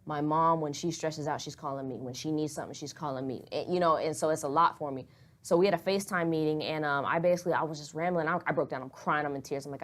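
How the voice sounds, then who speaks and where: Young woman, podcast co-host: lower register, frank, rambling, earnest, salty language. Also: fast talker. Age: young adult. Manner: candid, rambling, earnest, swears freely. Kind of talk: casual podcast chat.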